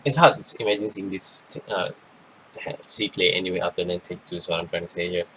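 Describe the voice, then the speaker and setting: A man giving a rambling, casual card game review, tired and yawning, with many pauses and restarts. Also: sits low, fairly even intonation, fairly bright tone, a little hiss or hum, low-quality recording. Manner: rambling, lots of ums and restarts. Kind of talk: casual commentary.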